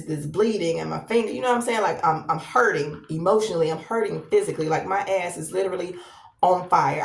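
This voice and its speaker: A woman's voice: fairly low pitch, vocal fry. A woman hosting a podcast, speaking in a frank, candid personal monologue, swearing freely and asking "right?". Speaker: podcast host. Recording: echoey room, voice off-mic.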